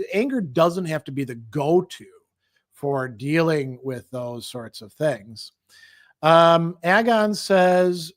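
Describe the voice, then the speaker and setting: A man's voice: on the high side, no room sound, studio quality. A middle-aged male philosophy professor teaching an online class in a conversational lecture style, now and then acting out angry quotes. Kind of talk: casual lecture answering class questions.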